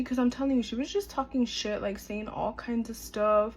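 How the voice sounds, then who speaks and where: A woman's voice: on the high side, expressive, normal speed, few pauses, husky, rough recording. Chatty young woman telling a story. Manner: chatty, filler-heavy, acts out quoted dialogue. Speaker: storytime vlogger. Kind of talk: casual storytime chat.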